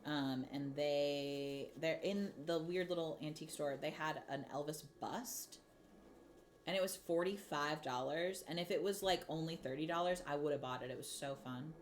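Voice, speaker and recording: A woman's voice: low voice, normal speed, slight background noise. A woman hosting a crafting livestream, chatting casually and rambling while she answers her chat. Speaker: livestream host.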